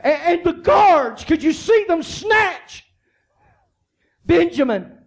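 High-voiced preaching man, loud swings. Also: sing-song, slow pace. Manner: swings from soft, low storytelling to loud, high shouting; repeats and restarts phrases while preaching. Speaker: pastor. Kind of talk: sermon.

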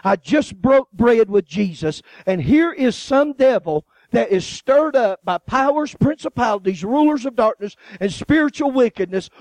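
A man's voice: very high-pitched, no room sound. A man preaching a sermon, telling joking stories and acting out voices with laughter. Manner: animated, joking storytelling with laughs and acted-out voices. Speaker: guest preacher.

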